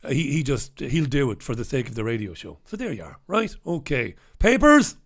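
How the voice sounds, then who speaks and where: A man's voice: mid-range voice, very animated, fairly quick, gravelly. A middle-aged man, hosting a casual live-stream and chatting, joking and reading out viewers' names. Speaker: host.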